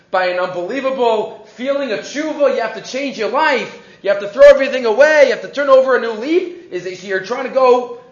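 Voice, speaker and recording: Animated high-voiced man teaching Torah. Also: roomy sound, dull audio. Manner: animated storytelling, mixing Hebrew and English, frequent restarts. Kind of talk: weekly Torah class.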